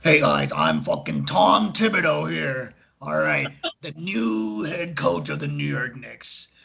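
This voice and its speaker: A man putting on a gruff middle-aged basketball coach with a Boston accent, drawling and husky. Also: a little high, sing-song, slow, pushed and bright, exaggerated voice. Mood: swaggering.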